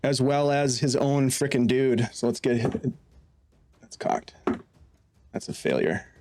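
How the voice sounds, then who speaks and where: A man runs a tabletop game, narrating in a loose, casual way and often stopping to restart his sentences. His voice sits at a middle pitch. The sound is dry and close. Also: steady tone, darkish tone, no room sound. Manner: casual, halting, with many restarts. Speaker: game master.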